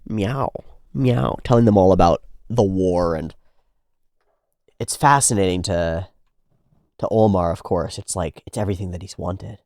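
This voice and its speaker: A man's voice: sits low, moderate pace, long pauses, darkish tone, no room sound, studio quality. A man hosting a reaction video, talking casually and animatedly, swearing freely with frequent restarts. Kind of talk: casual commentary on an anime episode.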